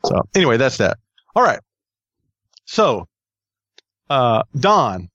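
A man's voice: medium pitch, very animated, slow, fairly bright tone, no echo, muffled recording. Chatty male podcast host. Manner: rambling, jokey, many fillers. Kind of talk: casual podcast chat.

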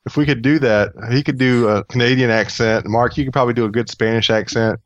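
A man's voice: mid-range voice, steady tone, quick pace, dry recording. A man on a tech podcast panel who jokes around playfully and pokes fun at himself. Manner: playful, joking, self-mocking. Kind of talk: casual tech chat. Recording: dull lo-fi audio.

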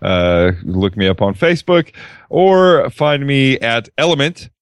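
A man's voice: mid-range voice, expressive, measured pace, smooth, no room sound, studio quality. A man co-hosting a podcast in a laid-back, hesitant way. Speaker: podcast co-host. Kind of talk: casual chat.

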